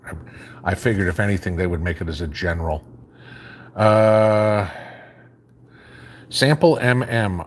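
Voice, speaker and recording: A faint hum runs beneath the very low voice of a man streaming live from home, his Chicago accent just barely noticeable. In a casual chat, he reads viewers' comments aloud and responds in an easygoing, rambling style.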